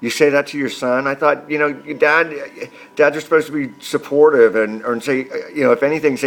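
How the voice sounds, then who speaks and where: A man in his forties tells a comic childhood story in a loose, rambling monologue. He talks casually and keeps reaching for fillers as he goes. His pitch sits in the middle for a man. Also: steady tone, brisk. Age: 40s. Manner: rambling, chatty, many fillers. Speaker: comedian vlogger.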